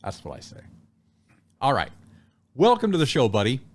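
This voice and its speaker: A man hosting a casual podcast, who introduces guests in a loud, showy announcer style and laughs easily. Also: mid-range voice, huge pitch swings, normal speed. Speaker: podcast host. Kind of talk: casual chat, comedic intros.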